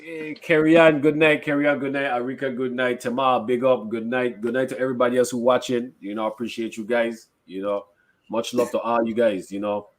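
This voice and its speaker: A man hosting a casual live-streamed talk show, giving upbeat shout-outs to the people watching. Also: medium pitch, flat delivery, fairly quick. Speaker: podcast host.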